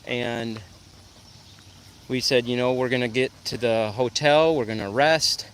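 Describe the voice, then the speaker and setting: Casual livestream host, mid-pitched man, chats and coos at his dog outdoors, faint outdoor noise. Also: steady tone, unhurried. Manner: chatty, coos at his dog in a lighter sing-song voice. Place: outdoors in the shade by a pool. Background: faint outdoor sounds and geese.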